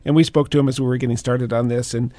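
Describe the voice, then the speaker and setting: A man co-hosting a radio talk show, speaking haltingly with many fillers. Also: medium pitch, steady tone, mellow, no room sound.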